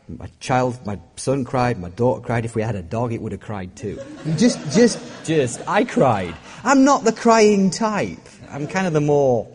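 A middle-aged man preaching a sermon as a pastor, joking and self-deprecating as he talks. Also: mid-range voice. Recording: long hall reverb.

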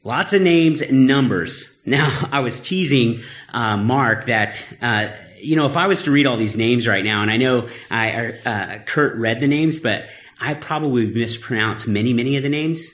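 A man's voice: mid-range voice, moderate pace, a bit bright. A man preaching a sermon in a conversational, earnest way, with teasing asides. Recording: echoey room.

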